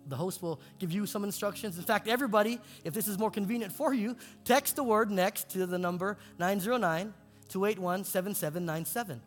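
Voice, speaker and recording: A male pastor preaching in a church, his delivery swinging between soaring emphatic peaks and hushed low lines. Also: fairly quick. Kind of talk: sermon with altar call. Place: church sanctuary. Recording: long hall reverb with faint music.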